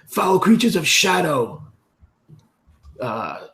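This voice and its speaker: A man voicing a bold young male hero who calls out enemies with a loud, drawn-out battle taunt. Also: a little high, very animated, pitched above the performer's own voice, full character voice. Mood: defiant.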